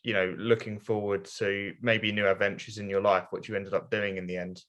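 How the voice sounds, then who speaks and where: A man's voice: on the low side, level tone, brisk, a bit bright. A man interviewing a guest, asking long, hedged questions with fillers.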